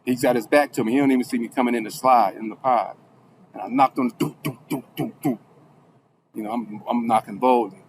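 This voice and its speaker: Speaking fairly quickly in a mid-range voice, an Alabama man who was once a defendant recounts his own story loosely, backtracking and restarting. When he quotes people, he raises his voice to play them. A little hiss or hum is audible.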